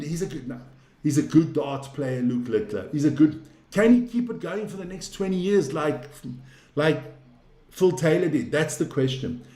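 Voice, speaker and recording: A man hosting a casual live stream, rambling, swearing freely and getting excitable. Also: high-pitched, echoey room.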